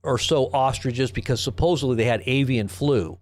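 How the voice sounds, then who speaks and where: On his live news commentary stream, a man talks in a meandering, sarcastic manner, full of restarts and rhetorical questions. He speaks at normal speed in a mid-range voice.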